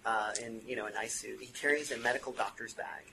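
A man's voice: on the low side, fast, vocal fry, bright, forceful tone. A man playing a tabletop role-playing game, talking in a hesitant, thinking-aloud way with restarts. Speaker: tabletop player. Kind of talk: in-character role-play with table talk. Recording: home recording with background noise.

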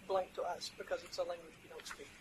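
A tabletop role-playing game player speaking in character in a measured, polite way. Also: medium pitch, steady tone, creaky. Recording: home recording with background noise.

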